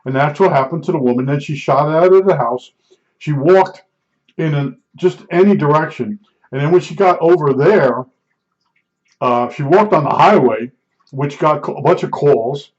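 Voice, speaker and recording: A middle-aged man telling a rambling personal anecdote, excitable, restarting sentences and acting out the dialogue. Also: fairly high pitch, moderate pace. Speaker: storyteller recounting an incident. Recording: dull lo-fi recording.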